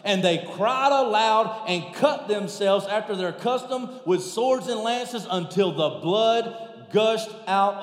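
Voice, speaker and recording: A man preaching a sermon, shifting from shouted bursts to hushed, low lines. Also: slow. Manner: animated, shouting at peaks then dropping very low. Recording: echoey hall.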